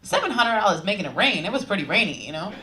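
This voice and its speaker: A woman's voice: medium pitch, very animated, quick pace. A young woman from Long Island with a Long Island accent, doing a brash stand-up comedy set with confiding punchlines. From Long Island, New York. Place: comedy club stage. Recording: noisy live club recording from some distance.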